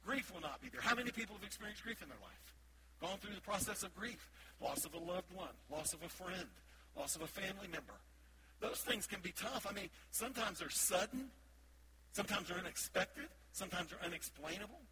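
A man preaching a sermon as associate pastor, swinging between loud emphatic shouts and quiet asides. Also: high-pitched, animated, a little fast, very noisy. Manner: admits he speaks loudly most of the time.

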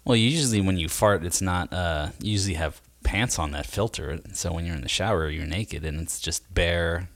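Deep, slow-explaining man. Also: a bit bright. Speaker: podcast co-host. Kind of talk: casual chat.

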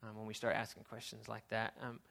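A youth pastor giving a casual, storytelling sermon, chatty and animated, with lots of fillers and restarts. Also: male voice, lowish voice, a little fast, creaky.

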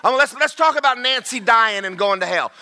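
A high-voiced man preaches a sermon. His tone is very bright and gravelly. He drops to low murmurs, then rises to shouts. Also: expressive, fairly quick, slight background noise. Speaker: pastor.

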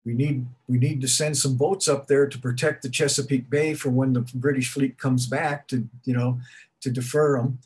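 A man's voice: mid-range voice, level tone, moderate pace, darkish tone, breathy edge. A middle-aged man giving an informal history talk to an audience, conversational and rambling, with frequent restarts and asides. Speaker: museum speaker giving a talk.

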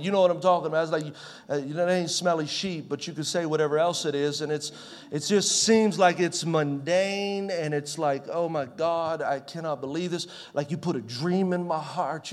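High-voiced man in his forties preaching. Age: 40s. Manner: conversational preaching, swings from loud to soft. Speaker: pastor. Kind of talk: sermon.

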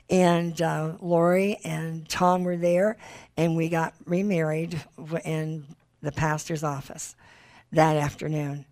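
A woman giving a personal testimony as part of a teaching, telling her story in an animated way and acting out what others said. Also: low voice.

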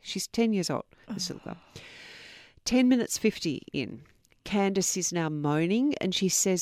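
A woman's voice: lowish voice, lively intonation, normal speed, a little mellow, no echo, clean studio sound. A middle-aged woman hosting a true crime podcast, reading out quotes earnestly and adding personal asides. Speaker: podcast host.

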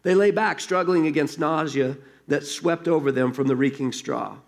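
A man's voice: a little high, normal speed, gravelly. A man preaching a sermon as pastor, earnest and conversational, reading a story aloud to his congregation.

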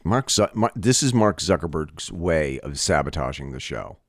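A man co-hosting a podcast in casual chat, animated and tripping over restarts when excited. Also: a bass voice, moderate pace, dry recording, studio quality. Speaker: podcast co-host.

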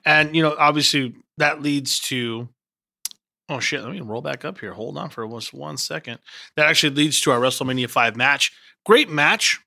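A man co-hosting a podcast in casual chat, relaxed and reflective, repeating words as he thinks. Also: fairly high pitch, moderate pace, vocal fry, no room sound, studio quality. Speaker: podcast co-host.

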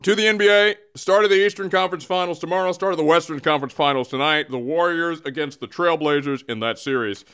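A man's voice: a little high, fast, few pauses, a bit bright, clear, resonant tone. A man hosting a comedic sports show, loose and self-mocking, who keeps cracking up while reading the news. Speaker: podcast host and news reader.

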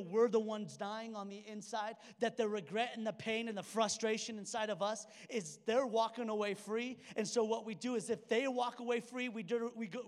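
A young man preaching in a casual, storytelling way, slipping into the voices of the people in his stories. His voice sits high for a man. The sound is a sermon in a large church hall with a long, trailing reverb. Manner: conversational, storytelling preacher who acts out dialogue. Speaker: pastor.

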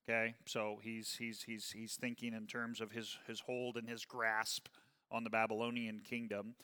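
A man's voice: fairly low pitch, flat delivery, bright, forceful tone, clear, resonant tone. Man teaching a Bible class in a hall. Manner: conversational, checks in with "okay?" often; reads scripture slowly and emphatically.

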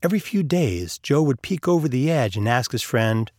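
A man's voice: mid-range voice, expressive, normal speed, a little mellow, no echo. A man narrating an audiobook chapter, telling a story and lifting his voice for the characters' lines. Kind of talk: audiobook narration with acted dialogue.

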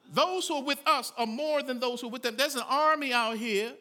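High, bright-voiced preaching man. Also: a little fast. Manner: dramatic preaching, rising to shouts; folksy asides between scripture readings. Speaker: pastor. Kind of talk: sermon.

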